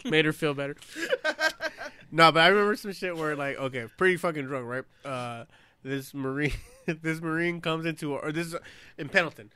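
A former Marine telling profane barracks stories in casual chat, laughing often. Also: male voice, a little high, fairly quick, bright, forceful tone, clear, resonant tone.

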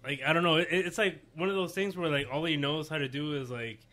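A man's voice: a little high, steady tone, fast, pushed and bright. A young man in casual chat, rambling through a story with many "like" fillers.

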